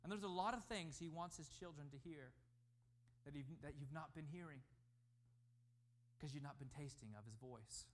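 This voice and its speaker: Male preacher, light high voice, emphatic delivery that swells and drops. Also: moderate pace, pauses often. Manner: emphatic preaching, rising and falling in loudness. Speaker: pastor. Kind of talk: sermon.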